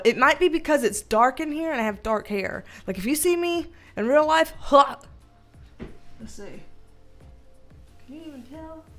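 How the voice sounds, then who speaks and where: High-voiced woman chatting on a livestream. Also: fairly bright tone. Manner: chatty, greets viewers by name, laughs often, swears casually. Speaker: livestream host. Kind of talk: casual livestream chat. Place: dim indoor room with ring light.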